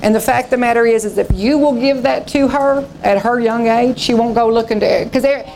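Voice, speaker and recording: A woman in her sixties preaches a sermon with a gravelly, slightly creaky edge to her voice. She tells stories in a folksy way and slips into the voices of the people in them. A faint hum sits behind her. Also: on the high side, brisk, darkish tone, low-quality recording. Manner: folksy storytelling preacher, acting out quoted voices. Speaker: pastor.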